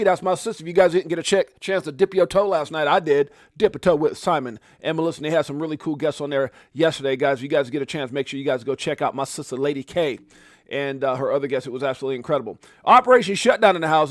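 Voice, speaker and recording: A middle-aged man hosts a live crypto market show in a loose, joking way, swearing casually and greeting viewers by name. His voice sits a touch high for a man. The sound is dry and close, with no room around it. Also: quick pace, dry recording. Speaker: crypto livestream host.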